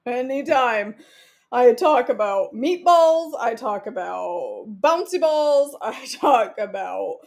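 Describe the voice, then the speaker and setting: This vlogger's voice is on the high side and gravelly, animated yet slow as she cooks. She giggles, jokes, and talks to herself in casual chat over the stove.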